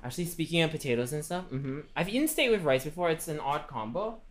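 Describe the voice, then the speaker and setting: A man's voice: on the high side, animated, fast, a little hiss or hum. Chatty man streaming while cooking. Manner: refers to himself in the third person; chatty, rambling with many fillers. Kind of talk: casual cooking livestream chat.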